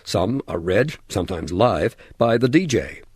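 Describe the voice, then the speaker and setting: Male radio documentary presenter; low husky delivery, dry studio sound. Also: expressive, a little slow, no room sound. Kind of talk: radio documentary narration and interviewing.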